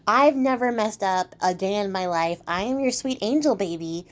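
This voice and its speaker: A woman's voice: mid-range voice, moderate pace, lightly acted. A cocky, impulsive teenage boy bragging with easy overconfidence, as a woman plays him in a casual retelling of a storybook tale. The voice stays close to her own everyday speaking voice. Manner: boastful, overconfident.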